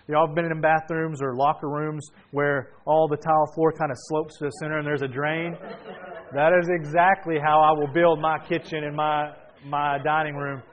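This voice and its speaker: A man preaching a sermon, telling a family story with animated energy and sudden bursts of shouting. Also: a little high, normal speed. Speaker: pastor. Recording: dull lo-fi sound.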